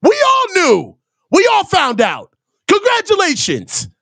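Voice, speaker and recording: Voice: very high voice, wildly swooping pitch, takes it slowly, gravelly, a bit bright, no room sound. A host of a live reaction show ranting sarcastically about a press conference, swearing freely. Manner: heated, sarcastic, swears a lot, mocks reporters in put-on voices. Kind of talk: profane sports rant.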